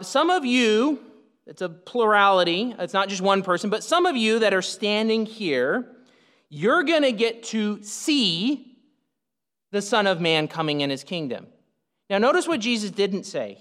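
A male preacher delivering an expository sermon in a slightly higher-pitched voice. He is emphatic and pushes his pitch up and down to drive points home. His voice rings with the long reverb of a large hall. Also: a bit bright. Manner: emphatic, rising and falling in pitch for stress.

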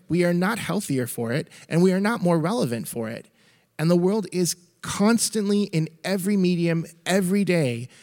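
A man's voice: on the high side, a little mellow. A man in his thirties preaching a sermon, telling a family story in an earnest, storytelling manner. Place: large church. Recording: echoey church hall.

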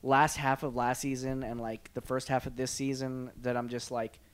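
Man, podcast co-host, casual chat, smooth clear voice, rambling with fillers. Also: medium pitch, little pitch movement, normal speed. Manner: rambling, self-correcting, many fillers.

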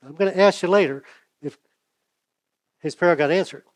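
A man preaching a sermon, conversational, acting out the dialogue with big swings from loud to hushed, and losing his voice. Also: sits high, moderate pace. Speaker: pastor.

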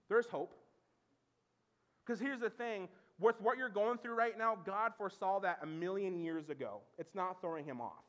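A man in his thirties preaching as pastor, telling stories with animation and dropping low and soft for serious points. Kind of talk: sermon.

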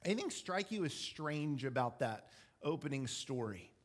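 Male pastor, slightly high voice, casual explanatory sermon delivery with self-deprecating asides. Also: sing-song, normal speed.

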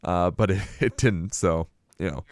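A man's voice: sits low, moderate pace, no room sound. A man co-hosting a casual podcast chat, blunt and profane, laughing often. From Boston area. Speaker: podcast co-host.

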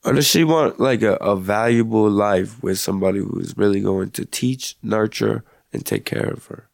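A man's voice: lowish voice, lively intonation, normal speed, creaky, no room sound, clean studio sound. A young man, a rapper, talking as a guest in a casual podcast chat, laid-back and slangy, swearing freely.

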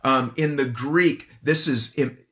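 A man's voice: medium pitch, slow pace, bright, forceful tone. A man preaching an expository sermon, earnest and emphatic, asking his listeners questions. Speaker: pastor.

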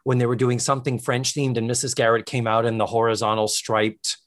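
A man's voice: medium pitch, fairly quick. Chatty man retelling a show. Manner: animated retelling with quoted lines. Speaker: podcast co-host. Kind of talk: casual chat.

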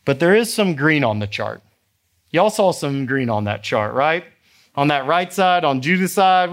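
A male pastor preaching a sermon, animated and emphatic, acting out the people in his story. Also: a little high, smooth. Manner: animated, acts out characters, rising to emphatic exhortation.

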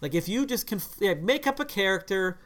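A man co-hosting a podcast, talking casually about a film in long, animated runs full of "like.". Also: high-pitched, a little fast. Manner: animated, slips into mock voices to quote characters; talks in long runs with many "like" fillers. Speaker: podcast co-host.

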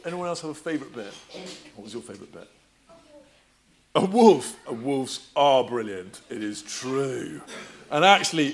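A man preacher giving a playful all-age talk in a church service, quizzing the children and reading scripture aloud. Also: mid-range voice. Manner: animated, playful, quizzing the audience. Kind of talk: lively children's talk with questions.

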